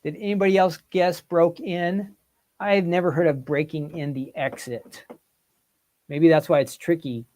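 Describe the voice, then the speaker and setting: A man's voice: a little high, fairly even intonation, unhurried, a little mellow. A man hosting a livestream, thinking aloud through word quiz questions and asking viewers for their answers. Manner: thinks aloud, polls the chat. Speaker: livestream host. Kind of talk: casual live quiz chat with viewers.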